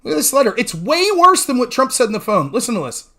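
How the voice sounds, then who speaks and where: Animated, argumentative male talk host. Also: very high-pitched, quick pace. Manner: argumentative, mimics opponents mid-sentence; profane and emphatic. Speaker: political talk show host. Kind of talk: heated debate recap monologue.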